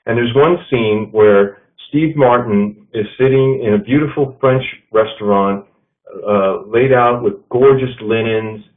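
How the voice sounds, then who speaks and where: A man giving a leadership presentation to an audience, measured and telling stories. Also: on the low side. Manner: measured, storytelling with quotes. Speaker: leadership speaker. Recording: tinny phone-like sound.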